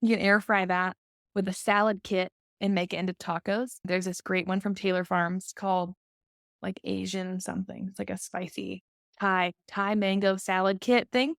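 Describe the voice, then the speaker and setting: A young woman co-hosting a podcast, talking casually with lots of fillers and quick laughs. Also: medium pitch, little pitch movement, gravelly, no room sound, studio quality. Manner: chatty, filler-heavy, laughs often. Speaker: podcast co-host. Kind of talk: casual chat.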